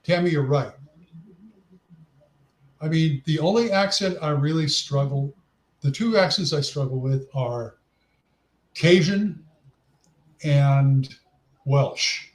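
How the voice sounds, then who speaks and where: A man's voice: a little high, slow pace, pauses often, echoey room. A man co-hosting a casual gaming podcast, chatty and often restarting his sentences. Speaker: podcast co-host. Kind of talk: casual chat.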